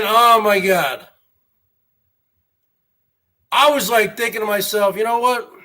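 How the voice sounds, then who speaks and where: A man's voice: high voice, pushed and bright. A man hosting a basement livestream, rambling and complaining with profanity and frequent restarts. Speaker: livestream host. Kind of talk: casual rambling livestream monologue.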